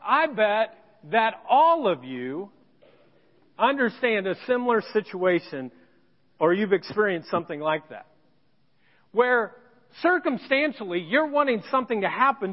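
A pastor telling a personal story in a sermon, with self-deprecating humor. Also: male voice, high voice, sing-song, unhurried, long reverb tail, dull audio. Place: church sanctuary.

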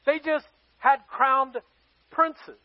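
A man's voice: very high-pitched, steady tone, extremely slow, dry recording, highs cut off. A man preaching a sermon as pastor, telling a scripture story in a playful, joking way.

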